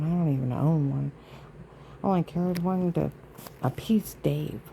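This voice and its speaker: A woman's voice: on the low side, creaky, mellow, a little hiss or hum, rough recording. A woman vlogging in a rambling, indignant monologue, aggrieved and emphatic with many asides.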